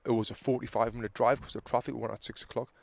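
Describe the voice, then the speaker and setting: A man, loose and chatty, who rattles through a story and gets loud when he plays out an argument. The sound is dry and close, with no room around it. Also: medium pitch, rapid-fire, vocal fry, dry recording. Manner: animated storyteller who acts out arguments loudly. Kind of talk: casual chat, storytelling.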